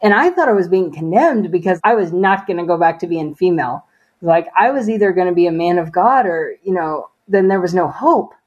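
A woman's voice: on the low side, lively intonation, a little fast, a little mellow, lo-fi sound. A woman as an interview guest giving a personal faith testimony in conversation, earnest and storytelling, with frequent "you know" and "like".

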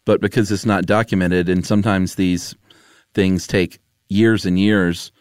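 Give me a deep-voiced man chatting and laughing on a podcast. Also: flat delivery, measured pace, a little mellow, smooth, dry recording, studio quality. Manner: laid-back, laughs often, teasing. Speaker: podcast co-host. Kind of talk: casual chat.

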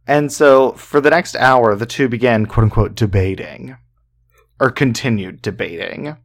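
A man co-hosts a podcast and tells a true-crime case in a relaxed, conversational way. He talks at a middling pitch and peppers the story with fillers and casual swearing. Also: normal speed. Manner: chatty, profane, full of fillers. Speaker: podcast co-host.

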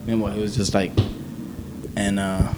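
Profane, low-voiced veteran storyteller. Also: male voice, moderate pace, heavy background noise. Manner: profane, animated, acts out quotes. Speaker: army veteran guest. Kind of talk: casual war storytelling.

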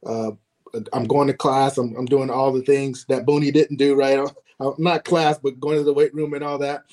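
A man's voice: medium pitch, level tone, moderate pace, a little mellow. Middle-aged male guest, earnest, chuckling storyteller, mid-range voice. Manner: earnest, chuckling, lots of "right?" and "like". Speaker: guest, former ballplayer. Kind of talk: casual interview storytelling.

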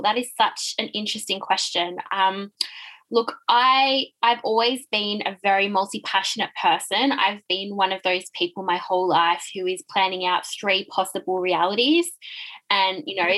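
A woman speaking as a podcast guest, effusive and thinking aloud with soft fillers. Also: mid-range voice, rough recording. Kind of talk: casual interview chat.

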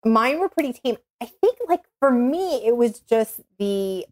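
Woman in her thirties with a New York accent, casual chatty storyteller, slightly high voice. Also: unhurried. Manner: animated storytelling with many fillers. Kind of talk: casual chat.

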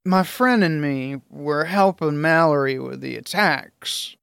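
A man's voice: on the high side, slow pace, creaky, a bit bright, clean tone, no room sound, studio quality, full character voice. A man voicing a drunk, embarrassed young man in an audiobook. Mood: tipsy. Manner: slurred.

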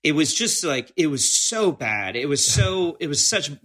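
Director guy on a podcast, rambly, lots of like and um, bright voice. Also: a little high, sing-song, a little slow. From Los Angeles. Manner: rambling, hesitant, many restarts and fillers. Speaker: guest, film director. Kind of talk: casual interview chat.

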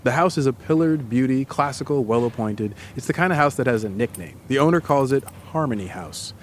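A man's voice: medium pitch, expressive, fairly quick, slight background noise. A male podcast host telling a dramatic story to his co-host in the second person. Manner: dramatic, builds scenes.

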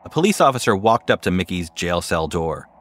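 A man narrating a podcast story in a measured, wry, scripted way. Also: deep voice, very animated, a bit bright.

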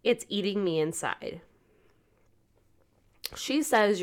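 A woman's voice: medium pitch, lively intonation, moderate pace. A woman co-hosting a casual talk podcast, speaking earnestly and reading text messages aloud in a plain voice. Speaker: podcast co-host.

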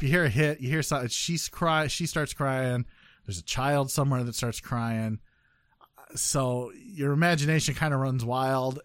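A man's voice: medium pitch, fairly bright tone, no room sound, studio quality. A man hosting a casual news podcast, joking and rambling with many fillers and restarts. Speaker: podcast host.

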